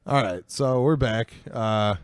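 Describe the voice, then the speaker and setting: A young man hosts a home podcast in easygoing chat, rambling along and laughing a lot. His voice sits at a middling pitch, and the recording is close and dry, with no room sound. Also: takes it slowly, clean tone, no room sound. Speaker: podcast host. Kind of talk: casual chat. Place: room in a house.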